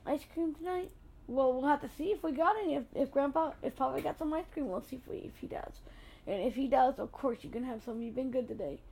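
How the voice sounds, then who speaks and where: A woman with a high voice hosts her podcast in casual chat. She is chatty and gushing, with an excitable way of talking. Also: quick pace, creaky, slight background noise, rough recording. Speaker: podcast host.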